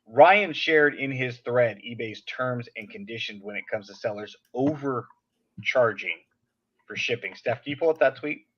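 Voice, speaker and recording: A man's voice: mid-range voice, measured pace, breathy edge. Man telling a story on a dull lo-fi recording. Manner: animated storytelling, venting about a seller. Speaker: podcast host. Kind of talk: casual podcast chat.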